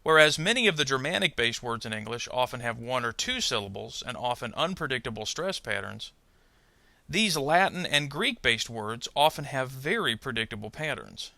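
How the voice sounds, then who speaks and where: A man narrating a pronunciation lesson, speaking carefully and modelling example words slowly. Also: medium pitch, animated, vocal fry, pushed and bright, no room sound. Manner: slow, careful, modelling word stress. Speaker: ESL pronunciation teacher. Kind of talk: scripted instructional narration.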